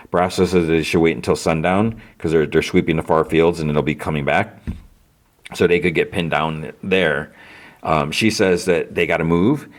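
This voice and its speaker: Low-voiced man rambling through a recap. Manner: rambling, full of fillers and self-corrections. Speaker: podcast host. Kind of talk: casual episode recap.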